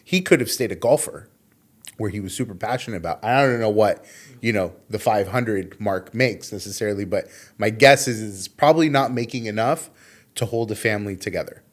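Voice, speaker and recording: A man co-hosts a podcast and talks quickly in a fairly low voice. He drives home his opinions with emphasis. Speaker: podcast co-host. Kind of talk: casual interview chat.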